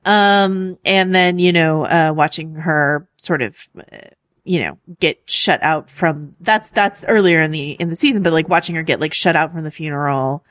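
A chatty woman hosting a podcast, talking loosely with lots of ums and quick laughs. Her voice sits on the lower side and the recording is dry and close. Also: fairly bright tone, no echo. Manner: chatty, laughing often, many fillers. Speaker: podcast co-host. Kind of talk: casual podcast chat.

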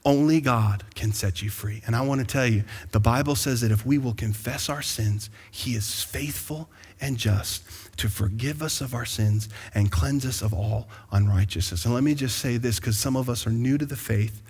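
A man preaching a sermon as pastor to his congregation, calling out to them and building to excited bursts. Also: medium pitch, moderate pace, breathy edge. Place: large church sanctuary. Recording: long hall reverb.

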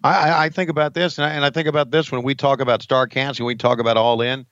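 A man's voice: mid-range voice, steady tone, fast, a bit bright, no room sound, highs cut off. A man co-hosting a casual podcast, folksy and emotional, often stumbling over his words. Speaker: co-host, former wrestling announcer.

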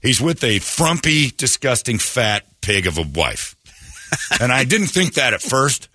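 A man from Phoenix hosting a radio show, telling a story in a casual, animated way and mimicking the people in it. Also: medium pitch, unhurried, dry recording, clean studio sound. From Phoenix, Arizona.

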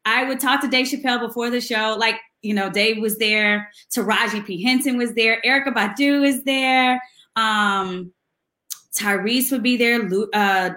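A woman's voice: fairly high pitch, bright, forceful tone, roomy sound. A woman guest in a casual interview, chatty and laughing as she tells stories and mimics people. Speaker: guest singer.

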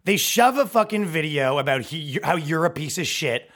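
A man in his thirties hosting a podcast, ranting in a heated, profane, comedic way and mimicking people in quick put-on voices. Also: a little high, lively intonation, fairly bright tone. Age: 30s. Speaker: podcast host.

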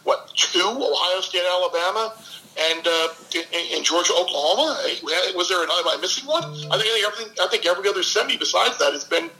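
Bright-voiced man telling animated stories. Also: high voice, poor audio. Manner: animated storyteller, quick asides. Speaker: guest sports analyst. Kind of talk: casual podcast interview.

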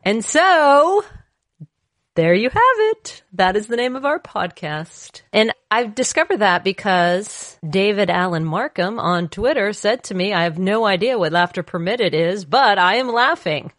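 A woman's voice: medium pitch, a little slow, dry recording, clean studio sound. A woman co-hosting a podcast, chatting in a bubbly, jokey way and telling stories with lots of energy. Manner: bubbly, jokey, animated storyteller. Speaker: podcast co-host. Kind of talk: casual chat.

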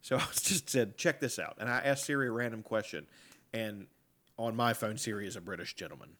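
A man in casual podcast chat, swearing freely, laughing often, and slipping into loud impressions. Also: fairly low pitch, brisk.

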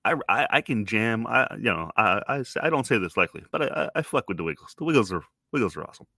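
A man's voice: on the low side, animated, quick pace, vocal fry, bright, forceful tone, dry recording, studio quality. A man from Toronto in his thirties hosting a podcast, rambling through a wry, self-deprecating monologue and swearing casually. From Toronto, Canada. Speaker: podcast host.

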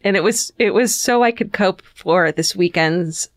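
A woman's voice: mid-range voice, measured pace, no echo, studio quality. A woman co-hosting a podcast in casual, candid conversation, swearing freely and laughing often. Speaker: podcast co-host. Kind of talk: casual chat.

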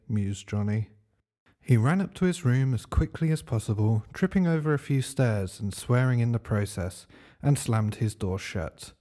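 A man narrating a comic story in a dry, deadpan way. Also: medium pitch, normal speed.

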